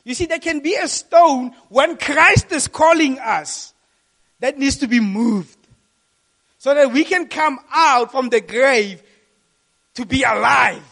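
High-voiced man preaching with animated storytelling. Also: slow, vocal fry. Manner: lively storytelling preacher, repeats key phrases. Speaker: youth pastor. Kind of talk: sermon.

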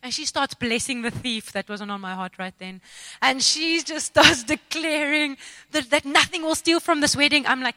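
A woman telling a personal faith testimony in an expressive, self-mocking, dramatic storytelling way. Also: high voice, moderate pace, dry recording. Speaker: speaker sharing a testimony.

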